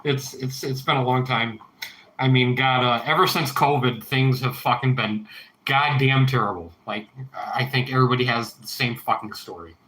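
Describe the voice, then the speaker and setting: Man, 30s, livestream host; rambling, profane, sharp bright tone, echoey room. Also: medium pitch, normal speed, slight background noise. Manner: rambling, heavy swearing, reads chat aloud. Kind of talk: casual livestream chat.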